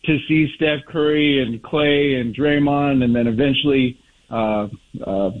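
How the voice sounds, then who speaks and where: A man's voice: mid-range voice, a little slow. Emotional male caller on a tinny phone line. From Northern California. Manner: heartfelt, rambling, emotional. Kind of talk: phone-in call.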